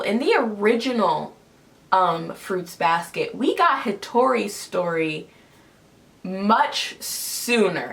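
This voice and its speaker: A woman hosts a relaxed review chat, talking things through in a loose, conversational manner. Her pitch sits in an ordinary middle range, and she is frank about what she likes and dislikes. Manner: opinionated, conversational. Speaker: host.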